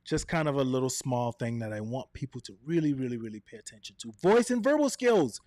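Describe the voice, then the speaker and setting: A man presenting a live online coaching session, energetic and direct, swinging his voice up and down and checking in with "right?" and "okay?". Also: medium pitch, no room sound, studio quality. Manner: energetic, varies his voice up and down, quick asides. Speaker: presenter of a live video workshop.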